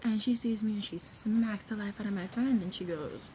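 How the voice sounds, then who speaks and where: A young woman vlogger telling a story in a casual, animated way, sometimes dropping to a whisper. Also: mid-range voice, moderate pace, a little hiss or hum. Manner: animated, acts out quotes, drops to a whisper at times.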